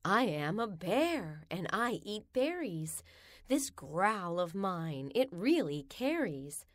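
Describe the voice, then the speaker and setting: Woman reading rhymes, slow and lively. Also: medium pitch, no echo, clean studio sound. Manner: slow, sing-song storybook reading. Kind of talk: reading children's rhymes aloud.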